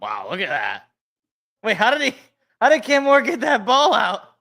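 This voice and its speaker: A man's voice: very high-pitched, wildly swooping pitch, normal speed, vocal fry, sharp tone. A young man hosting a live reaction stream, chatting casually and thinking aloud as he reacts, chuckling to himself now and then.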